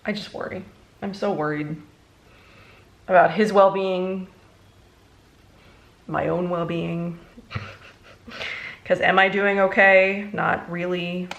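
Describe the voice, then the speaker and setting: A young woman, a beauty vlogger, chatting casually through a makeup tutorial, rambling and halting, emotionally worn out. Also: fairly low pitch, steady tone, creaky, a bit bright, lo-fi sound. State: emotionally exhausted.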